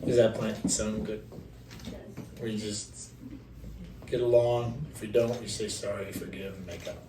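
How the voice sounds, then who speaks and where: A man's voice: on the low side, little pitch movement, measured pace, heavy background noise. A young man giving his own wedding vows off the cuff, rambling and self-deprecating, with jokes. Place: wedding ceremony. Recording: roomy, from a distance, faint background ambience.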